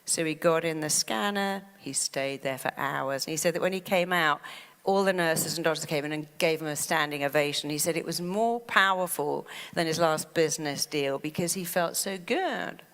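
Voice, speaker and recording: A middle-aged woman, a therapist and motivational speaker, addresses a large hall in a low voice at normal speed. She's an animated storyteller who acts out the inner voices in her head.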